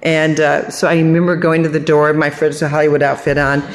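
An older woman sharing her recovery testimony at a support meeting, telling her story in an animated, humorous way and acting out the people she quotes. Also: low-pitched, fairly quick.

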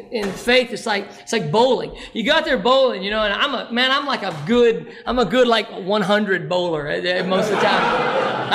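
High, gravelly man. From Arkansas. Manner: rambling, self-mocking, laughs often. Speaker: recovery meeting speaker. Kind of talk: personal testimony talk.

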